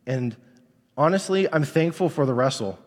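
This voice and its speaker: A man's voice: on the high side, animated, normal speed, darkish tone, in a large hall. A man in his thirties, a pastor, preaching a candid, conversational sermon.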